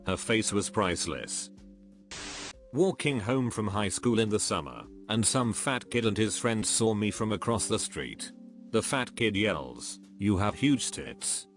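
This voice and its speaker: Man narrator, lowish voice, flat scripted reading of stories, soft music underneath. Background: faint background music.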